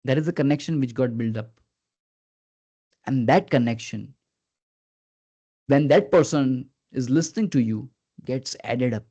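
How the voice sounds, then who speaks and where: A man leading a live online training session as a communication skills trainer, earnest and coaxing, who keeps prompting his listeners and swings his pitch up and down on purpose. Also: measured pace, pauses often, dark tone, breathy edge. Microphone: video call. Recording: dull lo-fi video call audio.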